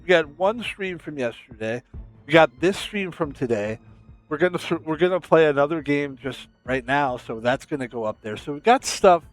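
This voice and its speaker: American male streamer, casual rambling self-promoter, a bit high-voiced. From United States.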